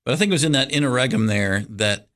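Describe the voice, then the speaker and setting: Speaking fast in a mid-range voice, a middle-aged Kentuckian guest pastor tells a winding story during a laid-back interview. His drawl is soft, his tone bright and forward, and his lively telling is packed with fillers and restarts.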